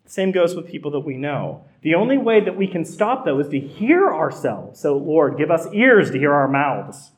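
A man's voice: a little high, very animated, moderate pace, hardly any pauses. A middle-aged man, a pastor, preaching a sermon in a conversational way that builds to emphatic repetition.

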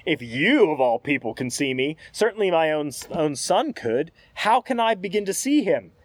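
A man's voice: fairly high pitch, normal speed, dry recording, lightly acted. A man reading aloud as a bitter, grieving ghost mother who speaks in a raised, insistent voice. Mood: plaintive. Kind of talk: read-aloud scene in a sermon.

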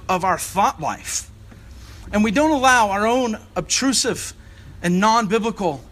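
A man delivers a sermon in a fairly high voice. He speaks earnestly, searching for words and doubling back to restart his phrases as he goes. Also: fairly bright tone. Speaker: assistant rector.

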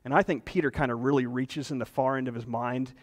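A man's voice: medium pitch, fairly even intonation, fast, in a large hall. A man preaching a sermon as pastor, earnest and emphatic.

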